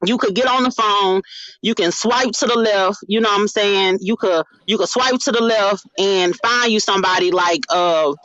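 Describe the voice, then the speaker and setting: A woman's voice: mid-range voice, moderate pace, fairly bright tone, no room sound. A woman on a talk show, talking through her ideas in a thoughtful, hesitant way with many restarts. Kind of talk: casual discussion. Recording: dry, dull lo-fi sound.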